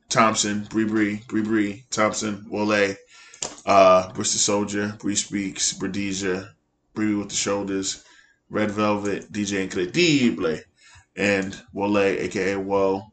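A man's voice: fairly low pitch, fairly bright tone. A man hosting a podcast in casual chat, teasing his co-hosts and wrapping up the episode. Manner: teasing, wraps up the show. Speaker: podcast host.

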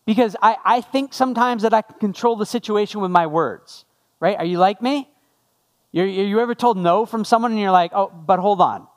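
A man's voice: sits high, brisk. A man preaching a sermon as a pastor, talking conversationally and putting questions to the congregation.

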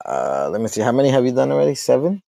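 A man's voice: mid-range voice, sing-song, rapid-fire, creaky, warm tone, dry recording, studio quality. A man keeping score in a movie quiz, giving brief, laid-back answers. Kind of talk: casual game chat.

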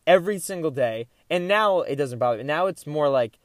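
A young man hosts his own podcast, telling a long story in a loose, animated way. He interrupts himself and goes off on tangents. His voice sits a little high, and the close mic gives a dry sound with no room. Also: brisk, dry recording. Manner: animated, rambling, self-interrupting. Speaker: podcast host. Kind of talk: casual solo storytelling.

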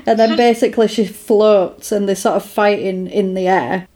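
A woman's voice: medium pitch, moderate pace. Woman animatedly retelling a film. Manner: animated retelling with quoted voices and laughs. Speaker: podcast co-host recapping a film. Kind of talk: casual chat.

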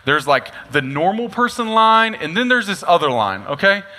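A young man preaching a sermon, telling a comic story with lively asides. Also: high-pitched, normal speed. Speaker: pastor. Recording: long reverb of a large hall.

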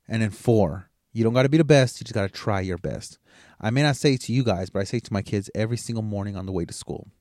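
A man's voice: mid-range voice, darkish tone, no echo, clean studio sound. A middle-aged man hosting a podcast alone, talking in a rambling, blunt, profane motivational way. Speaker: podcast host. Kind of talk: casual motivational monologue.

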